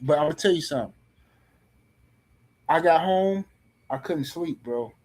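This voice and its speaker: A middle-aged man on a podcast panel tells a story casually, in a blunt, profane and animated way, often restarting his sentences. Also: a little high, normal speed.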